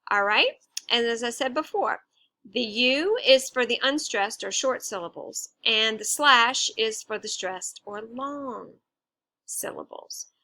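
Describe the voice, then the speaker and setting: A woman teacher talks through the lesson at an unhurried, deliberate pace, breaking each point into small steps and dropping in casual fillers. Her voice is bright and a little high. The recording is dry and close, with no room sound. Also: lively intonation, no room sound. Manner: patient, step-by-step explaining with casual fillers. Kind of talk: instructional explanation.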